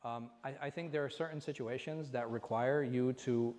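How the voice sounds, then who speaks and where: A man's voice: medium pitch, steady tone, normal speed, a little mellow. A man, an imam, teaching a conversational religious class and often asking the room rhetorical questions. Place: mosque class hall. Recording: reverberant hall.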